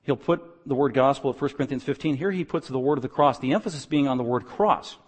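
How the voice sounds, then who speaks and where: A man preaching an expository sermon, moving from quiet, low explaining to loud, emphatic passages. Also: fast, hardly any pauses, slightly rough, in a large hall. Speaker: pastor.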